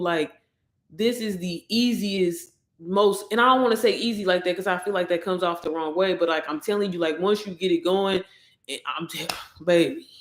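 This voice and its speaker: A woman chats on a casual livestream, excitable and talking straight to her viewers. Her voice sits in a middle pitch. The sound bounces around an echoey room. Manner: excitable, chatty, addresses viewers directly. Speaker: online course promoter.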